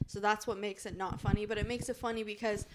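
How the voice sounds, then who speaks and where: A woman's voice: mid-range voice, steady tone, fast, background noise. A woman co-hosting a podcast in casual chat, giggly and swearing freely. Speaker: podcast co-host.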